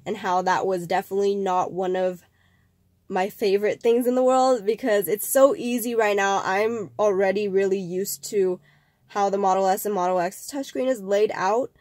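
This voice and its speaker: Her voice is mid-range and darkish in tone, at a normal speed, captured on a dry recording. A young woman running a casual vlog, she talks to camera in a rambling, chatty way with fillers and restarts, slightly nasal from a cold she's getting over.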